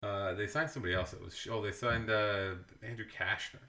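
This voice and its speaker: A lower-pitched man with a bright, forceful tone, rambling through casual sports talk and often correcting himself mid-sentence. His dry humor runs through the chat, and the room around him sounds echoey. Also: steady tone, brisk. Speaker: podcast co-host.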